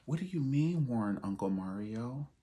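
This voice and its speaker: A man's voice: mid-range voice, expressive, a little slow, dark tone, pitched above the performer's own voice, lightly acted. A man putting on the voice of an eager, pestering pupil who keeps asking him questions.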